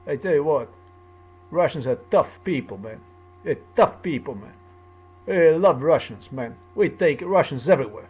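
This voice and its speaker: A man's voice: fairly high pitch, animated, normal speed, a little mellow, breathy edge. A man talking alone in a rambling, repetitive monologue with loose, off-the-cuff phrasing. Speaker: commentator.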